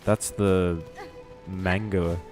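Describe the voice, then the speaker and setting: A man with a lowish voice rambles casually while he plays a video game on stream. He jokes about himself and swears freely. Faint game music sits under his talk. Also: flat delivery, very slow. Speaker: VTuber streamer. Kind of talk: casual gaming stream chat.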